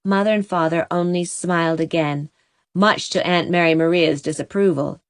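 A woman narrating a storybook chapter in a steady, expressive reading. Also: lowish voice, moderate pace, dry recording. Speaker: audiobook narrator.

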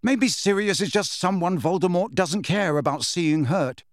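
A man voicing an agitated teenage boy wizard who speaks urgently and shouts, in an audiobook reading. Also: sits high, moderate pace, no echo, studio quality, voice pushed up, natural voice. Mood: urgent, shouting.

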